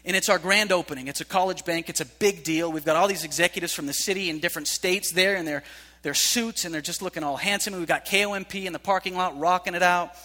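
Animated preacher man in a big hall. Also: high-pitched, quick pace. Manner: animated storytelling, swinging from hushed to shouting. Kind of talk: sermon to youth. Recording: live hall reverb.

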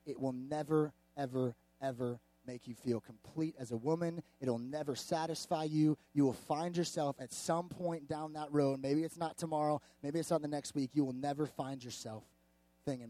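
A man in his thirties, a youth pastor, preaching a casual, energetic sermon and acting out little quotes. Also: a little high, moderate pace, dry recording.

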